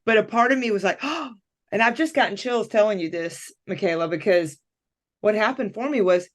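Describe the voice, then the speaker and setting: A woman's voice: medium pitch, fairly quick. A woman coach telling a personal story in candid conversation, acting out her own thoughts as she goes. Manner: animated, acts out her own inner voice. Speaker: podcast guest, coach.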